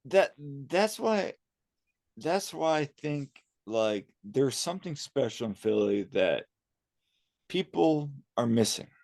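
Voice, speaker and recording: A man co-hosts a casual podcast chat, spilling out excitable, rambling stories. His voice sits at an everyday middle pitch, and the recording is dry and close. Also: takes it slowly, gravelly, no room sound. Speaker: podcast co-host.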